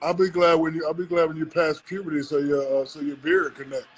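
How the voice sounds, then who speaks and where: A man's voice: fairly high pitch, little pitch movement, a little fast, soft background music. A man trading playful insults and teasing jokes on a live video call. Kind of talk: joking banter. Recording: faint background noise.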